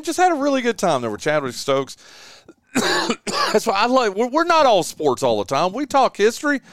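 A man hosting a local radio talk show, signing off in a relaxed, drawn-out way with plenty of "uh" and "man". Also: fairly high pitch, smooth, no echo, clean studio sound. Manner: easygoing, drawn-out with many "uh"s and "man"s. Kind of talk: casual radio sign-off and chat. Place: radio studio. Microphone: studio microphone.

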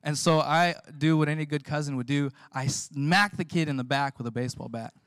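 A male pastor preaching with a clear, dry voice. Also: fairly high pitch, a little fast, no echo. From California. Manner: storytelling, animated, laughs often. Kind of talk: sermon.

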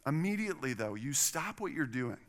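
Speaking fairly quickly in a mid-range voice, a middle-aged pastor preaches. He brings a personal story to life, playing the voices of the people in it.

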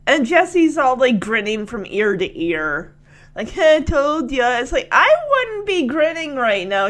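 A woman's voice: a little high, a bit bright. A woman vlogger retelling a TV scene in a chatty way, laughing and acting out the characters' lines. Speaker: vlogger reacting to a TV clip. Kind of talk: casual reaction commentary.

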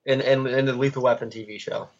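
A man's voice: medium pitch, steady tone, fast talker. Young college guy rambling on a podcast, says like a lot, kinda muffled recording. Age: young adult. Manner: rambling, full of "like" fillers. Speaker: podcast co-host. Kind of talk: casual chat.

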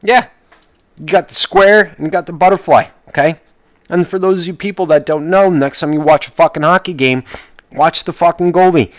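A man with a slightly high voice talks fairly quickly, hosting a solo podcast in clean studio sound with no echo. He rambles and complains in a profane, exasperated way, often restarting his sentences.

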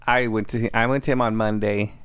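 A man's voice: on the low side, fairly even intonation, brisk, a bit bright, clean tone, no echo. A man co-hosting a podcast, talking in a rambling casual way with crude jokes and many restarts. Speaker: podcast co-host. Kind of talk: casual chat.

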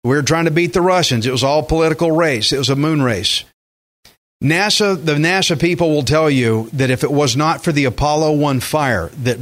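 Preaching with a voice on the high side, this male pastor grows animated as he mimics the people he's quoting.

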